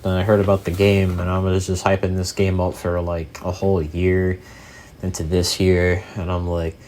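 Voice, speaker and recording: Young male gaming host with a very deep voice; loose, rambling commentary full of fillers and casual cursing. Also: monotone, moderate pace, a little mellow, a little hiss or hum.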